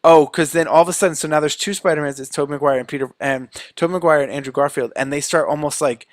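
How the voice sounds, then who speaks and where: Speaking fast with a voice on the high side, a man co-hosting a podcast breezily recounts a film scene by scene and performs the characters' quotes with animation. There's no room sound.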